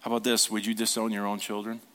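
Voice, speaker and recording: A man preaching a sermon as a pastor. He asks the congregation questions, repeats them, and drops to a hushed tone for tender points. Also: on the low side, monotone, fast.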